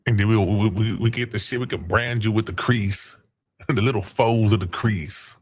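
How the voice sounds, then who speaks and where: Brief: livestream host, male, low voice, mocking trash talk, swears freely. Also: no room sound. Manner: taunting, trash-talking chat users; crude, profane slang. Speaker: stream host. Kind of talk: casual livestream chat.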